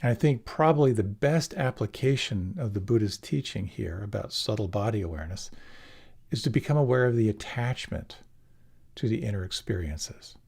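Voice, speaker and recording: A middle-aged man giving a gentle, unhurried meditation talk, often restarting his phrases as he teaches. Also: on the low side, lively intonation, gravelly, slightly rough. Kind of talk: dharma talk.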